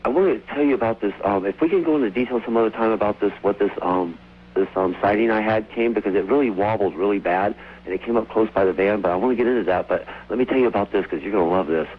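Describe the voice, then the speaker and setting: Guy calling into a radio show, kinda low voice, phone line sound, faint hum, rambly and excited. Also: fast. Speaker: caller. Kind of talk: casual phone-in storytelling. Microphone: telephone.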